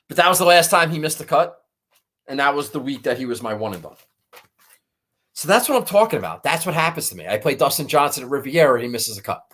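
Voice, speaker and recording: A man's voice: on the high side, fairly bright tone. A man hosting a golf betting show, talking in a rambling, profane, frustrated way. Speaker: golf betting podcast host. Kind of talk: casual chat.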